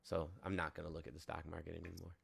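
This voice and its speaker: A man's voice: sits low, completely flat delivery, rapid-fire, creaky, a bit bright, slightly rough. A man hosting a call-in show, talking bluntly and with plenty of swearing and fillers. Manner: blunt and profane, with frequent fillers. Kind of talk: casual political chat.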